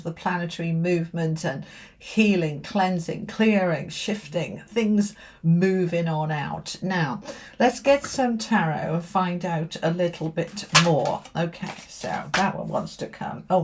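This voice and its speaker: A woman's voice: fairly low pitch, darkish tone, a little hiss or hum. A woman giving a chatty tarot reading to camera in a friendly way, often saying "okay" and "all right". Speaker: tarot reader.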